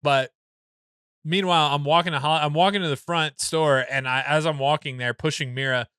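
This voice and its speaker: A man in his thirties, a podcast co-host, telling a rambling, animated story full of fillers and restarts in casual chat. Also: fairly high pitch, brisk, smooth, no room sound.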